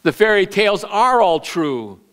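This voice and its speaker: A middle-aged male pastor preaching a sermon, swinging from loud raised bursts to quiet low asides and repeating words as he builds a point. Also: big pitch swings, measured pace. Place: church sanctuary.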